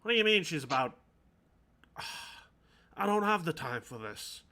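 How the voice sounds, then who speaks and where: A man voicing a gruff shopkeeper in a tabletop game, putting on a gravelly voice. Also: fairly high pitch, big pitch swings, a little slow, bright, forceful tone, heavily acted. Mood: harried. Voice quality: gravelly put-on voice. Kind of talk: tabletop role-play voice acting.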